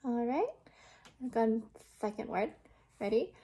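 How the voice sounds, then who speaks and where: A young woman teacher talks kids through a home lesson, her voice sitting a touch high. She is patient and unhurried. She breaks words into single sounds and checks in with a quick "okay?" again and again. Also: expressive, mellow, slightly rough. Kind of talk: remote classroom lesson.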